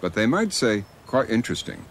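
A man's voice: on the low side, big pitch swings, a little fast, slight background noise. A man giving scripted documentary narration.

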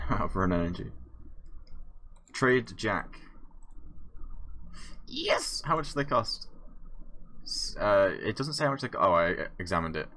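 A man's voice: lowish voice, slight background noise. Chatty man thinking aloud over gameplay. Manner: chatty and excitable, with filler-heavy thinking aloud. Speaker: gamer. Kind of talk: live gameplay commentary.

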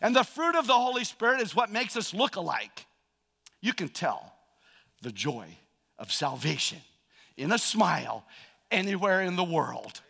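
A male pastor preaching a sermon in a church, swinging from loud emphatic peaks to hushed, personal storytelling. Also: high voice, very animated, a little slow, vocal fry, pauses often, breathy edge. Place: church sanctuary. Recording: long reverb of a large hall.

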